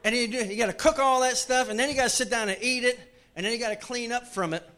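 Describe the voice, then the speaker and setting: A man preaching a sermon to his congregation in a church, joking with the crowd and swinging from loud calls to hushed pleading. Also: very high voice, fast talker. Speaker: pastor. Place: church sanctuary.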